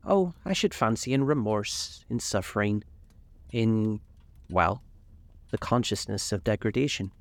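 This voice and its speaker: A man voicing a gentle, troubled painter in a storybook reading, speaking hesitantly and gravely. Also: lowish voice, a little slow, no echo.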